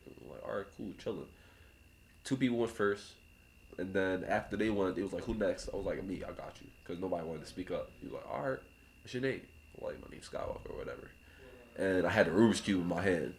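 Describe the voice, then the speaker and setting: A young man, a rapper guest on a podcast, telling a story in a relaxed casual way, laughing often and acting out other people's lines. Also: on the low side. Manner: laughs often, acts out voices in anecdotes.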